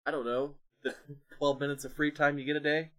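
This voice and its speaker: A man's voice: a little high, a little fast. A young man co-hosting a podcast, chatting casually and acting out the people in his stories. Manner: animated storyteller, acts out voices in anecdotes. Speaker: podcast co-host. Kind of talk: casual chat.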